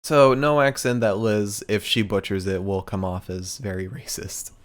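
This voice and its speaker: A man's voice: on the low side, fairly even intonation, normal speed. A young man hosting a live podcast, joking loosely, laughing easily and talking to his chat. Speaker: podcast host. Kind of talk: casual livestream podcast hosting.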